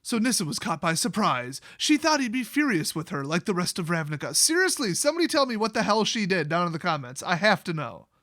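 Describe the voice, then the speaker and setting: A man's voice: high-pitched, very animated, fairly quick, few pauses, sharp tone, dry recording, clean studio sound. A young man giving a sarcastic, rambling comedic recap of a fantasy story, swearing casually as he goes. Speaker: YouTube lore host.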